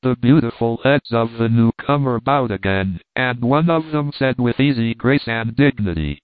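A man's voice: mid-range voice, lively intonation, moderate pace, clear, resonant tone, no echo. Man narrating a story over a tinny line. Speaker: audiobook narrator. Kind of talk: scripted narration. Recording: dry tinny phone-like sound.

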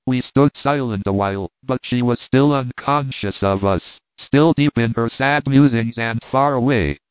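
Man, audiobook narrator, measured earnest reading, tinny narrow sound, dry. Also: medium pitch, clear, resonant tone, dry recording. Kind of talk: scripted first-person narration.

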